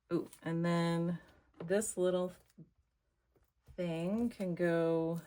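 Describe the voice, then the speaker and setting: An American woman talks her viewers through a craft project in a relaxed, unhurried way. Her voice sits a little low, and she chats as if to friends, thinking aloud and calling them y'all. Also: a little hiss or hum. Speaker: craft vlogger. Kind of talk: casual crafting chat to camera.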